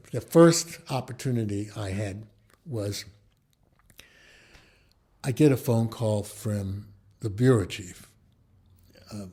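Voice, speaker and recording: A man's voice: medium pitch, slightly rough. An older man from the Bronx, telling anecdotes in a conversation and acting out the dialogue of the people in them. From the Bronx, New York. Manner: animated storyteller who acts out quoted dialogue. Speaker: interviewee, photojournalist.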